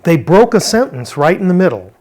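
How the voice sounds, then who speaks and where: Slightly high-voiced man teaching scripture. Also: sing-song, fairly quick, a little mellow. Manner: explanatory, with rhetorical questions. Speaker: Bible language teacher. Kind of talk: verse-by-verse Greek word study.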